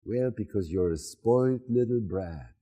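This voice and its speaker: Husky man with a lively voice. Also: on the low side, a little slow. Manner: personal, storytelling. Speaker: Human Design teacher. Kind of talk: talk to a group.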